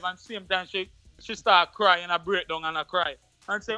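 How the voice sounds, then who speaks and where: High-pitched Jamaican man telling his story. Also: normal speed, clean tone, dry recording, faint music behind. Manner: animated, repeats words often. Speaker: interview guest. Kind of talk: telling a personal story in patois.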